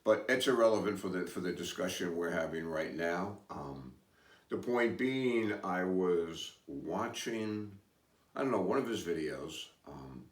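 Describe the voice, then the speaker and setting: Man, podcast host, low voice, rambling, hesitant asides, echoey room, a bit off-mic. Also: animated, measured pace, recorded from a distance. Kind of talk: casual storytelling chat. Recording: roomy, away from mic.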